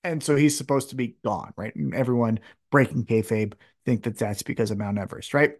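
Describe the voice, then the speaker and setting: A man's voice: medium pitch, fairly quick. A man co-hosting a casual wrestling podcast, talking animatedly with plenty of swearing and acting out quotes in raised voices. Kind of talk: casual chat.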